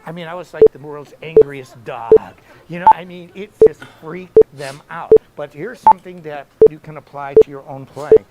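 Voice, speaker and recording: Giving a relaxed one-on-one guitar lesson, a middle-aged man rambles with anecdotes and asides, barely pausing. His voice is on the high side and moderately paced, with loud electric guitar and heavy background noise behind him.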